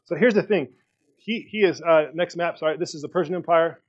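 A man's voice: on the high side, fairly quick. Casual man teaching scripture, dull audio. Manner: conversational, thinks aloud with fillers and restarts. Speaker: pastor. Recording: dull lo-fi sound.

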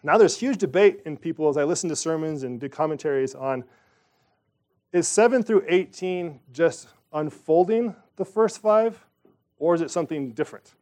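A man's voice: a little high, moderate pace, a little mellow. A man leading a Bible study, reading scripture aloud and talking it through in a conversational way, with asides and questions to the group.

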